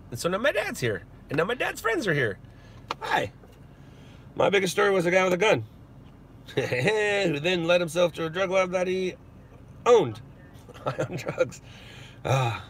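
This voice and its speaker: A man's voice: a little high, fairly bright tone, a little hiss or hum. Chatty man streaming from his car. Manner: joking, chatty, laughs often. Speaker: news stringer and streamer. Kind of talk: casual live-stream chat. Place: inside a parked car. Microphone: phone.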